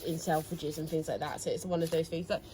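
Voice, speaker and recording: A woman's voice: low-pitched, fairly even intonation, quick pace, warm tone, slight background noise, low-quality recording. A woman chatting casually in a haul video, enthusiastic as she shows her finds indoors at home. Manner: chatty, enthusiastic, showing items. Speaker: reseller vlogger, co-host.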